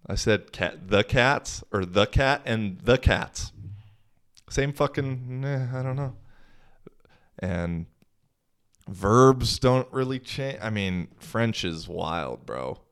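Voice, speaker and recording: A man's voice: on the low side, lively intonation, takes it slowly, long pauses, smooth. A young man hosting his own podcast, talking in a laid-back, slangy, profane way. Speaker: podcast host. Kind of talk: casual solo podcast monologue.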